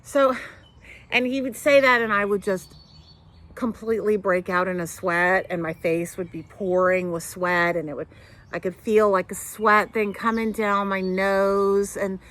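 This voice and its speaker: A middle-aged woman with a medium-pitched voice and measured pace hosts a knitting podcast from her home couch. She chats casually to camera, animated and talking with her hands as she rambles through tangents and fillers.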